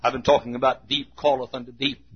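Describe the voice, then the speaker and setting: A man's voice: medium pitch, flat delivery, fast talker, breathy edge. A man preaching a sermon in a church with an emphatic, repetitive cadence. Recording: muffled lo-fi recording.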